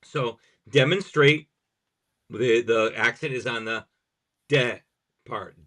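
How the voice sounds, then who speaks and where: A man's voice: medium pitch, little pitch movement, slow, pushed and bright. A man hosting a podcast who is also a language teacher, explaining grammar examples step by step in conversation.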